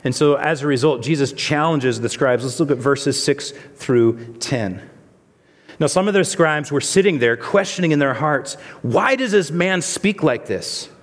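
A man's voice: medium pitch, moderate pace. A male pastor preaching a sermon in a conversational way, asking the listeners rhetorical questions. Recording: long reverb of a large hall.

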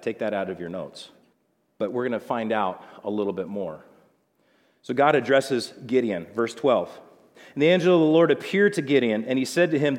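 A man preaching a conversational Bible sermon, acting out quoted lines with changing voices. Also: mid-range voice. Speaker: pastor. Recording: long hall reverb.

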